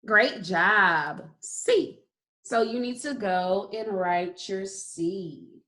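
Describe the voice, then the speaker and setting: Slow, patient kindergarten teacher woman. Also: mid-range voice, lively intonation, fairly bright tone. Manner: patient, stretches out sounds, praises often. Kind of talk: slow phonics lesson for young children.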